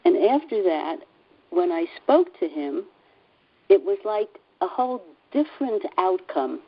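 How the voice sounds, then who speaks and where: A woman sharing a personal story in a group call, earnest and halting, with many fillers and restarts. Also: medium pitch, big pitch swings, slightly rough, dull audio. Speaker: class participant.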